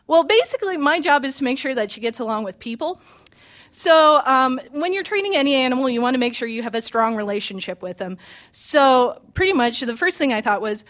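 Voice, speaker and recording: Twenty-something woman from pennsylvania, high bright voice, chatty storyteller. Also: brisk. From Pennsylvania, USA. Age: 20s. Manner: chatty, self-mocking, many ums and restarts. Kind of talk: live personal storytelling.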